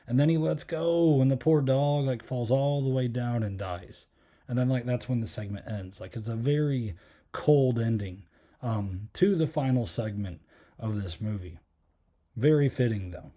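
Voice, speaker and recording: A man's voice: medium pitch, dark tone. A man hosting a podcast, giving a casual solo film review in a rambling way, full of fillers and restarts. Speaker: podcast host.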